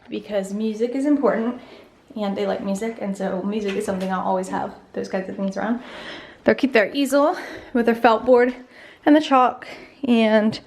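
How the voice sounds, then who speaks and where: A woman's voice: on the high side, reverberant, a little hiss or hum. Chatty young mom touring her playroom. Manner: chatty, filler-heavy with frequent "um" and "like". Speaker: vlogger, mother. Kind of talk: casual home tour vlog. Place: home playroom.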